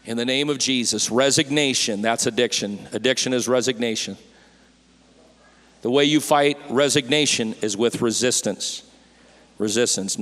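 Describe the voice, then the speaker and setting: A man preaching a sermon in a church, folksy and fervent, with his voice rising to shouts at the peaks. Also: medium pitch, moderate pace, long reverb tail. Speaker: pastor. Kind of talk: Pentecostal-style sermon. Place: church sanctuary.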